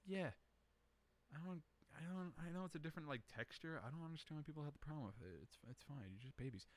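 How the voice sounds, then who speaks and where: A man's voice: fairly high pitch, animated, fast. A young man hosting a casual solo show, rambling through questions in a profane, self-mocking way. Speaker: podcast host answering questions.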